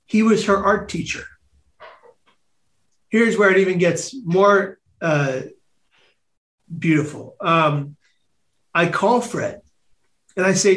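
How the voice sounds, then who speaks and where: Excitable, high-voiced man telling a story. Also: takes it slowly, pauses often. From San Francisco, United States. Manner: emotional, excitable, repeats words, acts out voices. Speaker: guest. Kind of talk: personal storytelling in a podcast interview. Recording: roomy echo.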